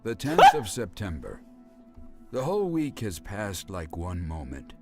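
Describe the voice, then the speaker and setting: Guy reading a reclusive scientist's diary in a game, real deep voice, swoopy but flat read, music under it. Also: a little slow, full character voice. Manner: flat, unacted script reading. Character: reclusive male scientist writing his diary. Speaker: narrator reading diary notes in a video game.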